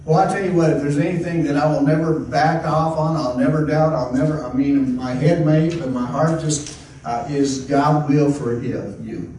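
A man preaching a folksy, rambling sermon, his slightly high voice carrying from a distance. The sound is very echoey, with faint noise behind. He restarts often and talks like he's chatting with the congregation. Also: steady tone, moderate pace, mellow. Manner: conversational, repeats and restarts, folksy exclamations. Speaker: pastor.

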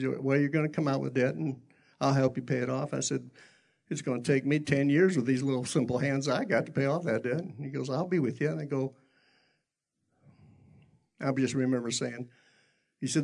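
Middle-aged male pastor, gravelly voice, folksy self-deprecating sermon storyteller, mid pitch. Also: moderate pace.

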